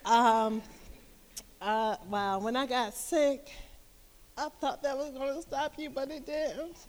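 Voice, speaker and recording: A woman's voice: high voice, steady tone, slow pace. A middle-aged woman giving a heartfelt tribute speech at a gala, emotional and grateful, fighting back tears. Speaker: guest speaking at a gala. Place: large event hall. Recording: echoey hall, far from mic.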